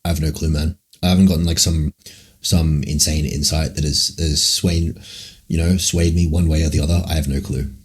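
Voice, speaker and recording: A man's voice: extremely low pitch, level tone, normal speed, husky. A man streaming live and answering chat questions in a rambling, musing way, swearing often. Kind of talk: casual livestream Q&A.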